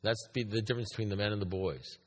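A man with a husky, fairly low voice tells a story to a group in an echoey meeting hall. He drives his points home by repeating them and firing questions at the listeners, with a long reverb trailing each phrase. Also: fast talker. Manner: emphatic, repeats points, asks the room questions. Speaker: recovery meeting speaker.

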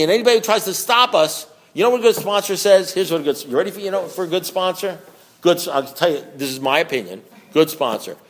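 A man giving a recovery meeting talk, telling folksy stories, acting out both sides of conversations, blunt and joking with frequent laughs. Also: high voice. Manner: folksy storytelling, acts out both sides of dialogue. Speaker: recovery speaker.

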